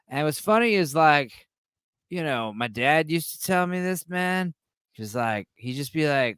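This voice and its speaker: Rambling, animated man, clean dry voice. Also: on the high side, moderate pace, smooth, dry recording. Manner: rambling, animated, frequent restarts. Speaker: podcast host. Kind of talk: casual chat among friends.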